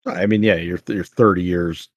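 Casting: deep-voiced man, relaxed podcast co-host, dry close recording. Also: moderate pace, dry recording, dull audio. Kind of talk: casual chat.

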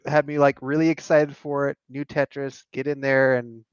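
A man's voice: mid-range voice, flat delivery, normal speed, clear, resonant tone, no room sound. Laid-back man on a dull lo-fi mic. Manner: laid-back, stumbles over words. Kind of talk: casual chat about video games.

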